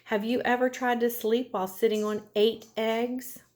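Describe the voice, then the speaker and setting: A woman's voice: on the high side, flat delivery, moderate pace, natural voice. A woman voicing a chatty mother goose who repeats her words, in a storybook read aloud.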